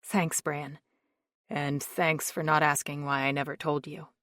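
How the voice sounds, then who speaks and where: A woman narrator voicing a guarded man who speaks low and steady. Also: measured pace, no echo, studio quality. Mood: restrained, steady. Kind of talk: audiobook narration.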